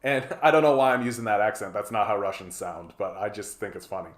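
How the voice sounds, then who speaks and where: A man's voice: fairly low pitch, animated, fast talker, roomy sound. A man from Canada, giving profane, rambling, sarcastic live-stream commentary as a political streamer.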